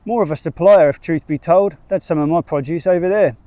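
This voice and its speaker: Guy reading as a loud cheeky kiwi sheep farmer, mellow low voice, dry sound. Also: brisk, no room sound, close to an everyday voice. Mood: hearty. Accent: New Zealand. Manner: hearty, cheeky salesman bluster. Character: jovial middle-aged male sheep farmer.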